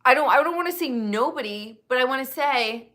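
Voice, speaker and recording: A woman's voice: high-pitched, lively intonation, a little fast, bright, forceful tone. An American woman in her thirties hosting a casual live stream, speaking candidly and swearing freely while talking to her chat. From United States. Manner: candid, profane, talks to chat viewers. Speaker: livestream host.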